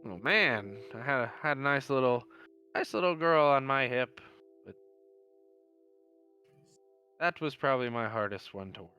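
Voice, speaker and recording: A frail old coroner in a tabletop game, as a man puts him on, a wistful, folksy small-town figure who drifts off mid-thought. His voice lifts noticeably above the speaker's own, with soft music faintly behind. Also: medium pitch, expressive, normal speed, long pauses. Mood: somber. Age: 50s. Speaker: coroner character.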